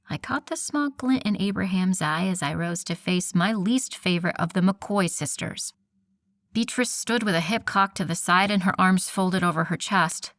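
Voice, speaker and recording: A woman narrating a first-person romance audiobook in a soft, breathy, intimate delivery. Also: lowish voice, moderate pace, no echo.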